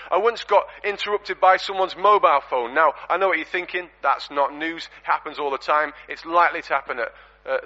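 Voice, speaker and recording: A man preaching a storytelling sermon in a church, animated and conversational, full of rhetorical questions. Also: fairly high pitch. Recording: dull lo-fi recording.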